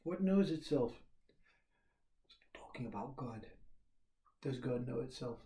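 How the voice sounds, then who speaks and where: A man giving a slow, reflective spiritual talk, repeating questions and pausing often. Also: mid-range voice, expressive, mellow, reverberant. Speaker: spiritual teacher.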